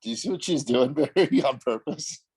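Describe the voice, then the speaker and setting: A man on a group video call with a toddler on his lap, talking in a doting and animated way. He coaxes the child to speak and describes her habits. His voice comes through a computer microphone. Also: mid-range voice, moderate pace, slightly rough. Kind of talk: casual group video chat. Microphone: computer mic on a video call.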